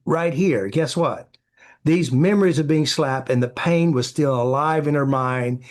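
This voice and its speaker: A man's voice: on the high side, a little slow. A man, a therapy practitioner, answering interview questions with anecdotes, acting out quoted dialogue and filling with "you know".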